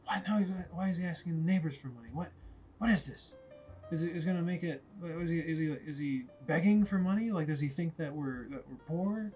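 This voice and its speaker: A man's voice: a little high, quick pace, hardly any pauses, fairly bright tone, in a whisper, soft background music, pitched above the performer's own voice, lightly acted. Guy playing a worn-out dad scolding his kid, pretty close to his own voice. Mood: outraged. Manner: scolding, exasperated. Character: overworked father, exhausted and irritable.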